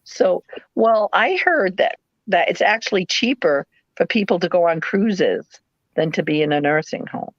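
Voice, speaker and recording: A middle-aged woman with a New England accent, hosting a live sale and chatting in a rambling, animated way with playful put-on voices. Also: on the low side, moderate pace, dry recording, dull audio. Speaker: live sale host, former nurse. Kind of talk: casual chat.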